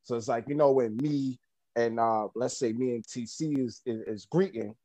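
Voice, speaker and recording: Man, podcast host, casual chat, halting, dry close sound, mid pitch. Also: warm tone, no echo, low-quality recording. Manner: halting, with many fillers and restarts.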